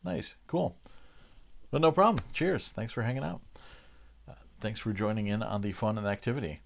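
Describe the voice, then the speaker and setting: A man's voice: fairly low pitch, normal speed, creaky. A man hosting a livestream, chatting casually with viewers and chuckling between loose, filler-heavy sentences. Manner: relaxed, chuckling, lots of "uh" fillers. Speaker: livestream host. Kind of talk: casual chat with live chat viewers.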